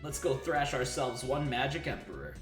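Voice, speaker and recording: A man's voice: medium pitch, very animated, normal speed, echoey room, over music, close to an everyday voice. A man voicing a brash, boastful young swordsman, reading game dialogue on stream.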